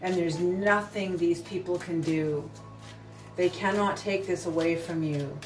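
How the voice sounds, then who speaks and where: A woman's voice: on the low side, steady tone, unhurried. A woman giving an intuitive tarot reading, earnest and emphatic, repeating her points. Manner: earnest, repetitive, emphatic, occasional swearing. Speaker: tarot reader. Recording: roomy, distant mic with soft music.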